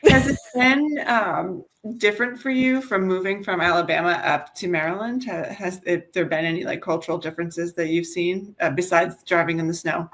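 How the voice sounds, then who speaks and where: A woman co-hosting a podcast, chatting casually in an animated way and laughing often. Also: lowish voice, moderate pace. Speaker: podcast co-host.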